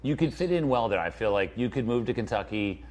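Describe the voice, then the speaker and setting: A man's voice: medium pitch, animated, a little fast, a loud crowd. A man hosting a casual live-stream interview, asking questions in an upbeat, joking way. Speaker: host.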